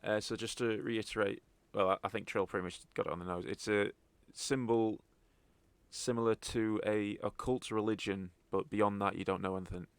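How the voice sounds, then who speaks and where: Give me a smooth-voiced man running a tabletop game. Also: lowish voice, moderate pace, no room sound. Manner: relaxed, explanatory rulings. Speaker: game master.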